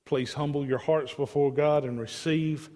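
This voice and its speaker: A man's voice: fairly high pitch, fairly even intonation, normal speed, darkish tone. A man preaching an evening sermon as pastor, earnest and emphatic, with pleading asides, in a church sanctuary. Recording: long church hall reverb.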